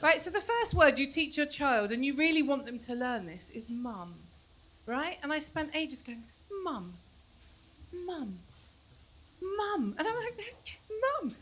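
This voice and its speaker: A woman in her forties doing a stand-up comedy set on a club stage, chatty and self-mocking, sometimes mimicking her kids in shrill voices. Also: very animated, normal speed, fairly bright tone. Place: comedy club stage before a live audience.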